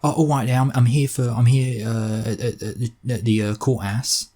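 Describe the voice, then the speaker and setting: A man putting on a rough Essex girl. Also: mid-range voice, fairly even intonation, dark tone, lightly acted. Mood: cheeky. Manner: rough, casual, halting. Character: young woman from Essex, brash.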